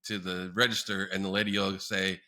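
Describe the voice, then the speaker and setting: A man's voice: low voice, level tone, brisk, pushed and bright. A man hosting a podcast in a casual chat, outgoing and jokey, prompting his guest with questions. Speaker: podcast host.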